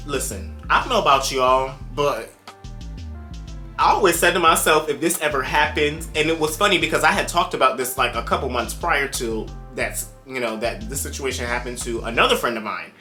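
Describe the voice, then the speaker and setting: A young man telling a personal story to his viewers in a casual, animated way, exclaiming often and talking to the audience directly. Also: on the high side, normal speed, faint music behind. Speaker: storytime vlogger.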